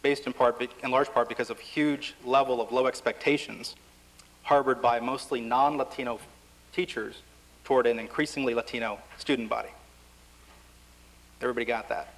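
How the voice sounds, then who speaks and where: A man's voice: mid-range voice, steady tone, moderate pace, long pauses, low-quality recording. A man speaking on a panel at a public forum in a wry, conversational way, with touches of self-deprecating humor. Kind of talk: panel discussion. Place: lecture hall forum.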